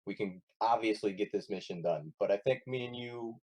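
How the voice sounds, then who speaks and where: A man's voice: fairly low pitch, moderate pace, a little mellow, no echo, poor audio. A man playing a tabletop game with friends, talking in character in a scheming, stumbling way. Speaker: player. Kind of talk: casual tabletop role-play.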